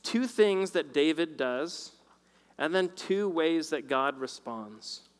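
A man preaching a sermon and telling a personal story, swinging between loud and hushed delivery. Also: fairly high pitch, expressive, slow pace. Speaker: pastor. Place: large hall with long reverb. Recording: reverberant hall recording.

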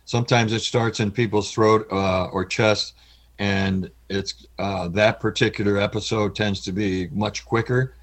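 Middle-aged male interview guest, low husky voice, halting and heartfelt, voice prone to cracking. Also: fairly even intonation. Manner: halting, earnest, pauses often. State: voice cracks with emotion. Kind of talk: candid personal interview.

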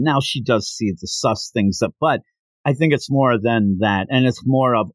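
A podcast host talks through a manga in a casual discussion, full of enthusiasm and frequent laughter. His voice is medium-pitched and measured, with no room sound.

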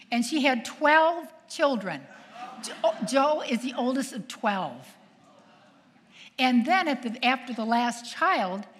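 An older woman, a nun, telling stories to an audience in a lively way, acting out quoted voices and asking her listeners questions. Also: medium pitch. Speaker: nun and speaker. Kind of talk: storytelling talk to an audience. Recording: long hall reverb.

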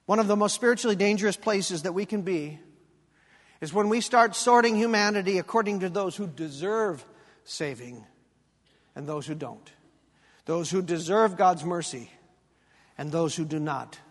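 A male pastor with a notably high voice preaches with animated, emphatic delivery, hammering his points through repetition. A long hall reverb trails each phrase. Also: normal speed, long pauses. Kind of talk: sermon.

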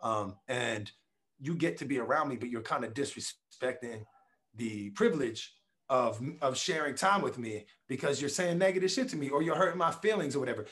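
A man's voice: medium pitch, moderate pace. A man, a podcast guest, talking casually and bluntly, swearing freely and acting out quotes as he makes his points. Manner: blunt, profane, animated storytelling with acted quotes. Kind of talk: casual conversation.

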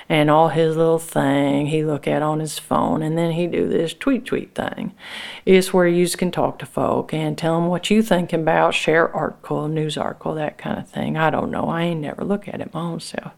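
A woman's voice: sits low, fairly even intonation, normal speed, creaky, darkish tone. A woman telling, as a worker's wife, a rambling story in folksy rural dialect, as a dramatic monologue.

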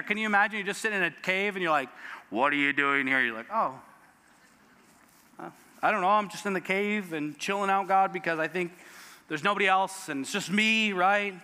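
A man preaching a sermon as pastor, animated, acting out the voices in the story he tells. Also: high voice. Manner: animated, acts out quoted voices of God and Elijah. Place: church sanctuary. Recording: reverberant church hall.

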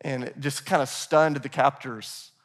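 At a church in Nashville, a pastor gives a sermon at a measured pace, his medium-pitched voice keeping a steady tone. He talks casually, refers to the congregation as "guys," and acts out what scripture figures say.

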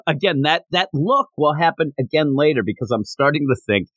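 Animated man chatting about comics. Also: a little high, a little fast, dry recording. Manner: animated, retells scenes with laughs. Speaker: podcast host. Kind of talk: casual chat reviewing a comic.

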